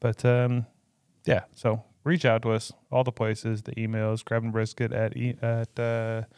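An easygoing man chatting on a podcast at a middling pitch. His voice comes across dry and close, with no room sound around it. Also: completely flat delivery, a little slow, a little mellow, clear, resonant tone, dry recording. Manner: easygoing, plugs the show. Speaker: podcast co-host. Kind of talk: casual chat.

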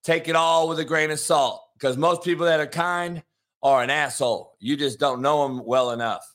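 Hoarse guy hosting a morning sports show, kinda high voice, brash and cussing a lot. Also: steady tone, moderate pace, fairly bright tone. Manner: brash, profane, hype-driven. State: hoarse from yelling.

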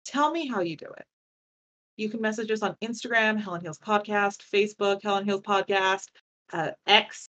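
A woman co-hosting a podcast, joking around in an animated, exasperated casual chat. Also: mid-range voice, moderate pace. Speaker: podcast co-host.

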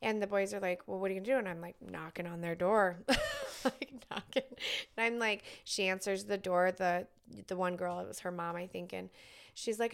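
A middle-aged woman co-hosting a podcast, telling a story in casual chat, lively and acting out the people she quotes. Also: mid-range voice, brisk, creaky. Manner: animated storyteller, acts out quotes, swears casually. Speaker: podcast co-host.

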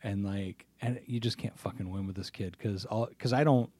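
A man's voice: lowish voice, moderate pace, warm tone, breathy edge, no room sound. A man co-hosting a podcast in casual chat, swearing freely and laughing easily. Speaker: podcast co-host.

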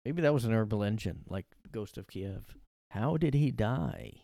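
Male solo podcaster, rambling and sarcastic, low-ish voice, sniffly, dry close sound. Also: lively intonation, moderate pace, gravelly, warm tone, no echo. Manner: rambling, sarcastic, swears freely. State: sniffly from allergies. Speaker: podcast host. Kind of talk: casual solo rant. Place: his own room.

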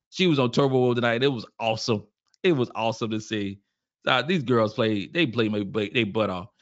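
A man from South Carolina, hosting a casual postgame show, animated and prone to repeating phrases. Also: medium pitch, no echo, lo-fi sound. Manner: animated, repeats phrases, reads viewer comments. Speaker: podcast host.

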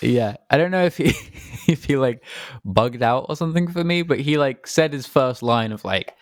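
A man rambles happily through a video game story in a relaxed chat. His voice sits at an ordinary middle pitch. The sound is dry and close, with no room in it. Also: moderate pace, no echo. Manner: rambling storytelling with laughs and acted-out quotes. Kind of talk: casual podcast chat about a video game.

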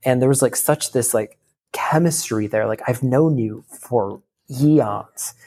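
A man in his thirties, an interview guest, telling a heartfelt personal story in a rapid, casual way full of fillers. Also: mid-range voice, dark tone. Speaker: podcast guest.

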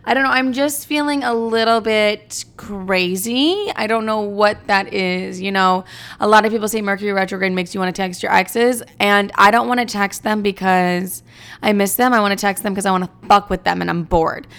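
A young woman in her twenties hosts a casual confessional podcast, talking bluntly, swearing freely, and wandering from thought to thought. Her voice is mid-pitched with heavy, gravelly vocal fry. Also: moderate pace, fairly bright tone. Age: 20s. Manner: blunt, profane and rambling. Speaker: podcast host.

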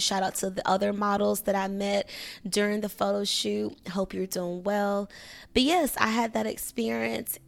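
Emotional woman podcaster with a gravelly voice. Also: medium pitch. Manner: emotional, frustrated and near tears, sighing and cursing; slang-heavy, addresses listeners as "you guys" and "y'all". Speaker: podcast host. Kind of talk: casual solo podcast chat.

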